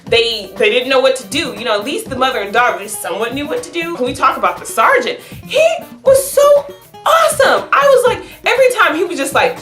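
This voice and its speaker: A woman's voice: high voice, a little fast. Bubbly woman gushing in an echoey room. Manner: excitable, chatty, laughs often. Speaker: movie reviewer. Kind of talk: casual spoiler review chat. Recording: echoey room with faint music.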